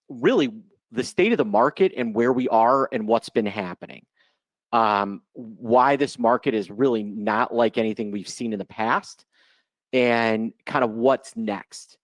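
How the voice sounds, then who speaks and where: A man's voice: medium pitch, no echo. Chatty man in his forties, dry sound. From Chicago, United States. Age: 40s. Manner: chatty and joking, loose unscripted delivery. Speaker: guest presenter, options trader. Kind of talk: live webinar presentation.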